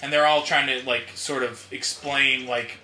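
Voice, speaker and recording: A man's voice: mid-range voice, fairly even intonation, unhurried, sharp tone. A man telling a long rambling story in casual chat, swearing and laughing often. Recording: echoey room, faint noise.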